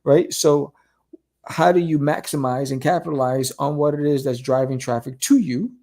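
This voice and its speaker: Male comic creator on a casual podcast, animated and persuasive, slightly higher voice. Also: normal speed. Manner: animated, keeps asking "right?".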